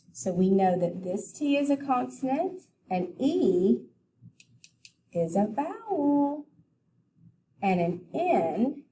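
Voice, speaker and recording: A woman teaching a phonics lesson to young children, deliberately sounding out letters and syllables. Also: medium pitch, darkish tone, a little hiss or hum. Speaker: elementary school teacher.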